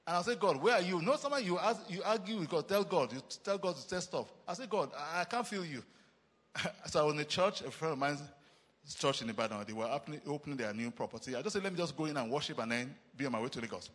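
A Nigerian man preaching with a lively, swinging delivery and a slightly husky tone. His voice sits a bit high and rings out with long reverb, as in a big church hall. He hammers phrases through repetition and slips in short chuckles. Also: quick pace. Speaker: pastor. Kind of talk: sermon.

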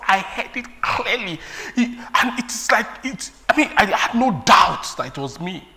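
A man from Nigeria delivers a sermon with a high, bright voice. He preaches with lively energy, laughs often and slips into sung refrains between points. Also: moderate pace, vocal fry, few pauses.

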